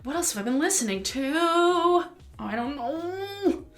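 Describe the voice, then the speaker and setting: A young woman chatting casually into her camera at home while doing her makeup, rambling and breaking into sudden excited outbursts. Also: high-pitched, unhurried. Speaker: beauty vlogger. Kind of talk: casual get-ready-with-me chat. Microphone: camera mic.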